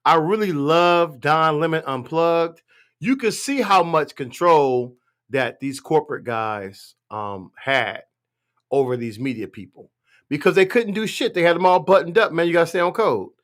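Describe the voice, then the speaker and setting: Profane, ranting man with a high voice. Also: animated, normal speed, fairly bright tone. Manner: profane, blunt, rambling. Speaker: live stream host. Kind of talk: casual political rant.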